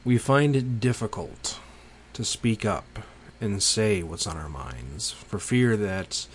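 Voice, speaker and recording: A man delivering a slow, pensive spoken monologue with long pauses. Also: lowish voice, lively intonation, a little hiss or hum.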